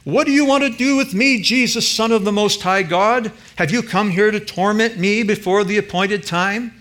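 A shrill, raging unclean spirit cries out in a sharp, bright voice, as a preacher puts it on. It shouts and begs in turn, high above the speaker's usual pitch. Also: male voice, normal speed. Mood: shouting. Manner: shouting, pleading.

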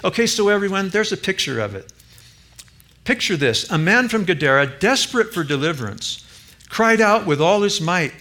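A male preacher delivers a sermon in a bright, slightly high voice. He speaks emphatically and turns often to the congregation with direct questions. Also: big pitch swings, moderate pace. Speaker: pastor.

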